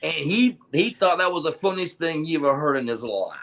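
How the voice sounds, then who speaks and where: A man co-hosting a racing chat show, telling stories in a casual, animated way and laughing as he goes. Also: fairly high pitch, a little fast. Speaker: podcast co-host.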